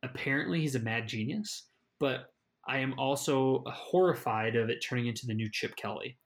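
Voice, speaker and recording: A man's voice: mid-range voice, moderate pace. A man co-hosting a fantasy football show, in casual sports chat, chatty and often restarting his phrases. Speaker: fantasy football podcast co-host.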